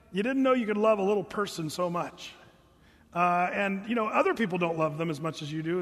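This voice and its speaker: High-voiced folksy pastor preaching. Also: male voice, a bit bright, long reverb tail. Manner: earnest and folksy, talks straight to the congregation. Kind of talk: sermon.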